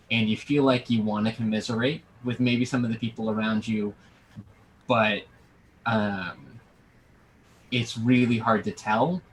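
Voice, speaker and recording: Male game master, slow halting narration, lower voice. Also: a bit bright, slight background noise, rough recording. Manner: slow, halting with many fillers.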